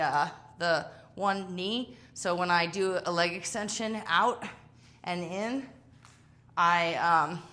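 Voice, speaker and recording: Lower-voiced woman coaching a workout, chatty, jokey, kinda worn out from exercising. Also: pushed and bright. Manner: chatty, self-deprecating, jokey asides. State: tired from exercising. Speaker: fitness instructor.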